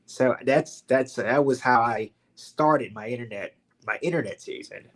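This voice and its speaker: On a podcast, a young Southern-accented man from Louisiana recounts his story at a measured pace in a mid-range voice. He keeps it casual and animated, leaning heavily on "like" and "man."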